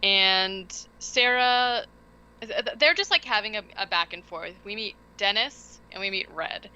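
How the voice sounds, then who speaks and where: A woman's voice: mid-range voice, measured pace, pushed and bright, clean tone. A woman from West Virginia co-hosting a podcast, recapping a film in a rambling, casual way full of fillers. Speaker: podcast co-host. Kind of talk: casual movie recap chat. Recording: dull lo-fi podcast audio.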